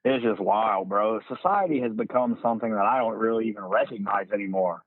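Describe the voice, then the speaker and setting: A man hosting a casual podcast chat, animated and profane, calling everyone "bro". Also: on the low side, a little fast, dry recording. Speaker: podcast host. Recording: tinny phone-like dry sound.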